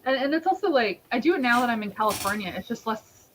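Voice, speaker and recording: A woman's voice: on the high side, very animated, fast, slight background noise, poor audio. A young woman from Georgia in the United States, hosting a casual live-stream chat and rambling with many restarts. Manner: rambling, self-correcting, lots of fillers. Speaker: host.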